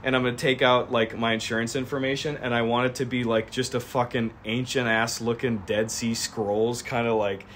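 Young male streamer, loose and animated, talking from a garage over faint noise. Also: medium pitch. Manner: animated, acts out both sides of the scene in quick voices. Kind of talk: casual stream chat pitching a sketch.

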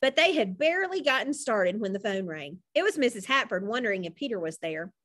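Lively woman reading a storybook aloud. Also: a little high, a little fast. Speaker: audiobook narrator.

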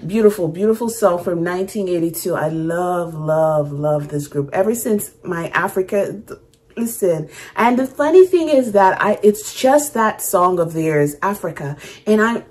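A woman's voice: mid-range voice, expressive, normal speed, darkish tone. A woman chatting casually as she reacts to a song, restarting her sentences and humming riffs aloud. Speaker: music reaction YouTuber. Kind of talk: casual first-listen reaction chat.

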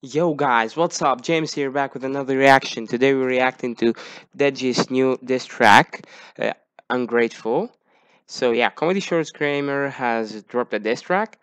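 A man's voice: mid-range voice, unhurried, a bit bright, smooth, no room sound. A man hosting a casual reaction video, talking to viewers and breaking into outraged exclamations. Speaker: YouTube reaction host.

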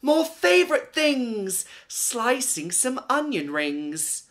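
A woman voicing a greedy, excitable young girl who is always hungry, gushing and wailing in a high, loud voice. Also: slow pace. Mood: delighted.

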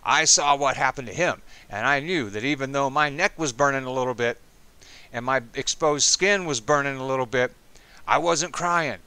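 A man in his fifties, an Army veteran, telling a personal story in a casual, animated and profane way. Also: medium pitch, normal speed, clear, resonant tone, no room sound. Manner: animated, profane, dramatic retelling.

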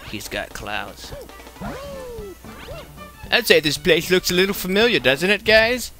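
A man's voice: on the high side, big pitch swings, a little slow, pauses often. A man casually commenting as he plays a video game, goofy and playful, with sing-song repetitions. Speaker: let's play commentator. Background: game music.

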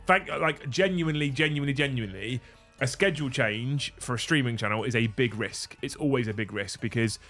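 A man in his thirties hosting a livestream, animated and joking, swearing casually, on a studio mic. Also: medium pitch, fairly quick, soft background music. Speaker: livestream host.

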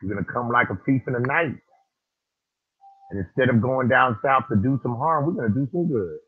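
A man's voice: mid-range voice, a little fast, husky. A man hosting a livestream, ranting in a preacher-like style, profane and repeating phrases for emphasis. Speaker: livestream host. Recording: tinny phone-like line.

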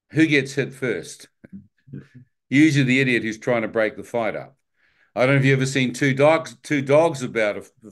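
Man telling a lively, self-mocking story. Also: medium pitch. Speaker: testimony speaker. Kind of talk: personal testimony storytelling.

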